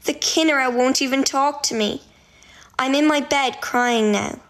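A woman's voice: high-pitched, measured pace, a bit bright. A woman reading as a pleading, tearful young girl. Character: upset young girl pleading to come home. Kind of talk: reading out text messages.

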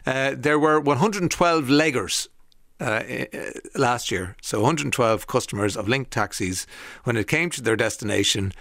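A man's voice: medium pitch, a bit bright, dry recording, studio quality. Chatty Irish male radio presenter. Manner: rambling, anecdotal, frequent fillers.

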